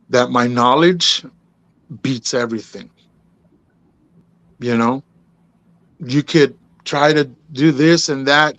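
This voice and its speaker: A man's voice: on the high side, a bit bright, no echo. A man on an interview show, casually telling his story, calling people "bro" and "man" and acting out the dialogue he quotes. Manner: laid-back, drops in "bro" and "man", acts out quoted dialogue. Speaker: podcast host telling his story as a guest.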